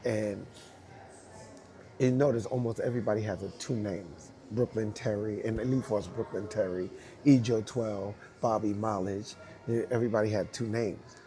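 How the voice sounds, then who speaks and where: Animated man telling a story. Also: fairly low pitch, moderate pace. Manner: animated, laughing often, acts out quoted voices. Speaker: interviewee. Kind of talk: storytelling anecdote.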